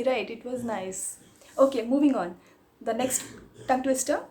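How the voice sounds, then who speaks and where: A woman's voice: fairly high pitch, moderate pace, dark tone. A woman, a Marathi speaker, chatting casually on her vlog and reading tongue twisters aloud. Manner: chatty, giggly, switches between English and Hindi. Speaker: YouTuber.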